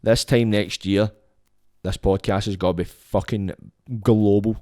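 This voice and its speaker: A man's voice: fairly low pitch, steady tone, unhurried, a little mellow, dry recording, studio quality. A Scottish man hosting a podcast, rambling and swearing in a casual monologue into his phone. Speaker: podcast host.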